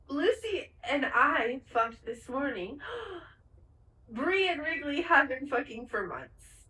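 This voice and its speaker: Woman, podcast co-host, bright tone, echoey room, a little off mic, animated retelling, casual chat. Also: sits high, takes it slowly, distant mic. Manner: animated retelling, acts out the characters' lines, swears freely. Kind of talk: casual chat recapping a TV finale.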